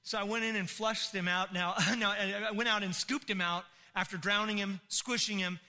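A middle-aged man, a pastor, telling a comic story in a sermon, animated and bursting into shouts. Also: sits high, normal speed.

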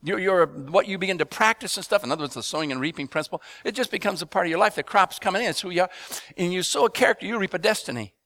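A man preaching a sermon to a congregation, asking them to respond and building up rhythmic repeated phrases into loud emphatic bursts. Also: high voice, very fast, dry recording. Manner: addresses congregation with call-and-response questions.

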